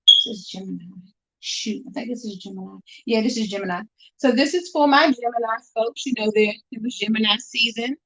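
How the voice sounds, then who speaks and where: A woman speaks briskly in a fairly high, sharp-toned voice as she hawks her handmade bracelets on a live stream. Chatty and upbeat, she addresses her viewers directly from a room at home, and the stream audio is dull and lo-fi.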